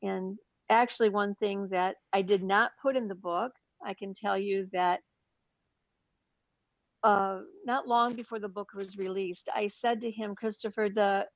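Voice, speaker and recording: A woman's voice: mid-range voice, fairly even intonation, unhurried, dry recording. Female author answering, slightly dull audio. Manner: earnest, recounting with fillers. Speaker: guest, book author. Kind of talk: interview answers.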